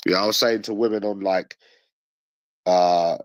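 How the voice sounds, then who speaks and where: Swearing London man, dry and low. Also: fairly even intonation, unhurried, no echo. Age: late 20s. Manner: swearing, boastful, aggressive slang. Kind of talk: casual ranting monologue.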